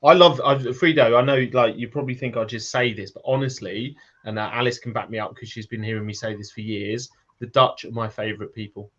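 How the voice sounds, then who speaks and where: A man's voice: mid-range voice, fairly even intonation, brisk, few pauses, a bit bright. A man co-hosting a casual chat, rambling and jokey, swearing now and then. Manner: rambling, profane, jokey asides. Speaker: podcast co-host. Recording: dull lo-fi audio.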